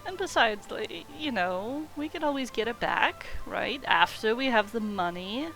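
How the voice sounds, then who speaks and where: A woman voicing a scheming woman who coaxes a companion to think about a big reward, in a slow, persuasive way. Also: fairly high pitch, lively intonation, a bit bright, soft background music, rough recording. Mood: coaxing. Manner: coaxing, persuasive. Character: scheming woman tempting with gold.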